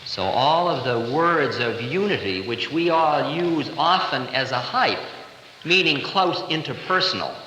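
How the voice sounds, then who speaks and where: A man's voice: mid-range voice, animated, unhurried, pushed and bright, slight background noise. A man in his thirties giving a playful, conversational spiritual lecture, recorded live in a large hall in 1970. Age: 30s. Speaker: spiritual teacher.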